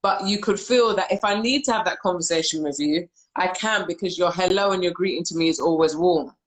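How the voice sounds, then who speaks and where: The host, a woman from the United Kingdom with a fairly low voice, speaks at a fairly quick pace. On a video call with roomy echo, she runs a live discussion, reflecting through stories and reading viewers' comments aloud.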